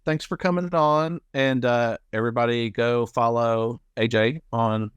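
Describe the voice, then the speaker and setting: Male podcast host, smooth resonant tone, dry close sound, easygoing. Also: mid-range voice, a little slow, no echo, highs cut off. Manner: relaxed, laughs often, many fillers. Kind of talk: casual chat.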